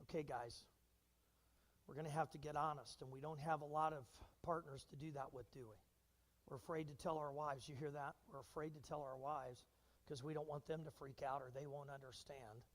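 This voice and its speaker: Speaking quickly and with plenty of energy, this high-voiced man preaches a sermon to his congregation as their pastor, his words echoing at length through the sanctuary. He poses questions to the listeners and performs people's quotes as he goes.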